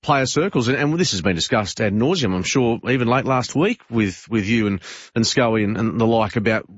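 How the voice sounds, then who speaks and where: A man's voice: mid-range voice, lively intonation, fairly quick, slightly rough, no room sound. Australian male radio co-host, candid, emphatic, dry close sound, a little muffled. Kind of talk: talkback radio chat.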